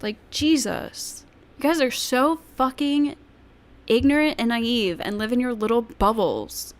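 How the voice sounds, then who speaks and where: A woman's voice: fairly high pitch, a little slow. A woman streamer reacting to clips, ranting bluntly and swearing freely. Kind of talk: casual livestream commentary.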